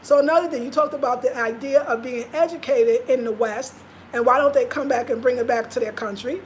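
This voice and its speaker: Woman vlogger, high voice, passionate and emphatic, repeats herself, faint noise behind. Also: brisk. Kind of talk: casual live-stream talk.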